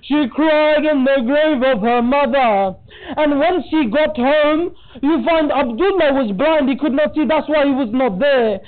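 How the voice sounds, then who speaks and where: A man's voice: very high-pitched, measured pace. A man giving a mourning sermon, narrating a tragic story and rising into a wailing, tearful chant. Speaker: majlis speaker. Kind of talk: mourning sermon with lamenting recitation. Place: community centre hall. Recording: tinny phone-like sound.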